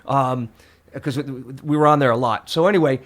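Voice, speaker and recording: A man's voice: mid-range voice, normal speed. A middle-aged man telling stories in casual, profane podcast chat, often acting out other people's voices. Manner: animated storyteller who acts out other people's voices. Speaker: guest, musician father of a host.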